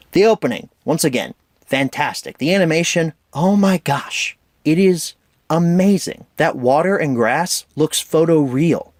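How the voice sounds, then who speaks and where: A man's voice: fairly high pitch, no room sound, studio quality. A man giving an enthusiastic, opinionated casual film review as host of his own show.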